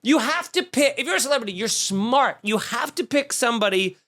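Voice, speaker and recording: A man's voice: extremely high pitch, expressive, brisk, bright, forceful tone. A man hosting a comedy podcast, riffing in a snarky, profane monologue full of mock outrage. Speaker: podcast host.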